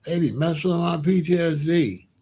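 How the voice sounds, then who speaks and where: A man giving casual, mocking online commentary in an animated way, often laughing and coming back to the same catchphrase. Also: fairly high pitch, moderate pace, breathy edge.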